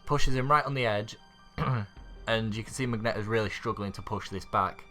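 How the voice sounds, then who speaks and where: A man's voice: fairly low pitch, moderate pace, sharp tone, faint music behind. A man recapping an anime episode in a casual, rambling way, full of fillers and little laughs. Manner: rambling, filler-heavy, chuckles often. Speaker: YouTube anime reviewer.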